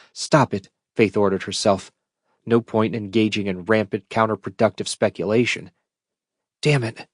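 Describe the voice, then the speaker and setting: A man narrating a science fiction audiobook in a steady, measured read into a close mic. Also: on the low side, dry recording. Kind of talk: scripted narration.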